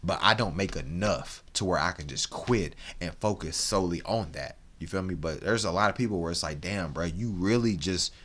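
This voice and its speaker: A man's voice: sits low, normal speed, few pauses, fairly bright tone. A man hosting a reaction video, talking in a frank, rambling, slang-heavy way with lots of restarts. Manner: frank and opinionated. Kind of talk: casual reaction commentary.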